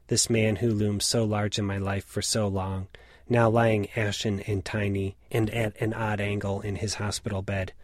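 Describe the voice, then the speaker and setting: A man in his late forties reading a reflective personal story in a measured, scripted narration. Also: lowish voice, no room sound, clean studio sound. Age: late 40s.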